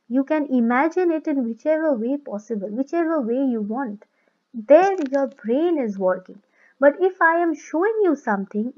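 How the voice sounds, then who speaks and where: High-voiced Indian English woman teaching. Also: darkish tone. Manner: emphatic, repeats and rephrases, asks rhetorical questions. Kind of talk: classroom lesson explaining a poem. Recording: slightly muffled lo-fi sound.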